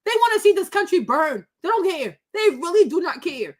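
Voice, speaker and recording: A high-pitched woman in her thirties hosts a commentary vlog. She talks in a tearful, emotional way. She repeats her lines again and again as she rants. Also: very animated, brisk. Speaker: vlog host.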